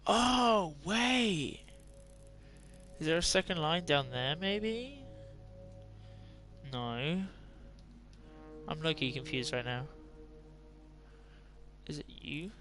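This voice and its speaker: Bright-voiced young man with an English accent. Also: fairly high pitch, big pitch swings, extremely slow, pauses often, soft background music. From Ireland. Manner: rambling, self-mocking, chatty. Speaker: gaming streamer. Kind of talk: casual gameplay commentary.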